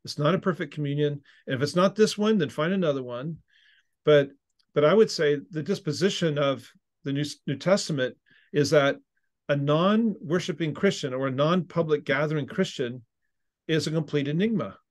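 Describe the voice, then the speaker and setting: A man's voice: fairly high pitch, normal speed. A man, a seminary professor and minister, answering interview questions with an earnest, teaching tone and frequent restarts.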